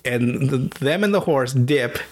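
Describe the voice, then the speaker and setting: A man's voice: mid-range voice, a little slow. Laughing, foul-mouthed podcast host man. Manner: profane, laughing storyteller who recaps cartoons; animated, jumps into silly character voices. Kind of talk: casual chat.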